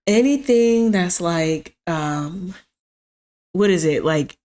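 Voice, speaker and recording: A woman's voice: fairly low pitch, expressive, slow, warm tone. A woman from the American South with a Southern accent, co-hosting a casual podcast and reacting in an easygoing way. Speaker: podcast co-host. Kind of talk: casual chat.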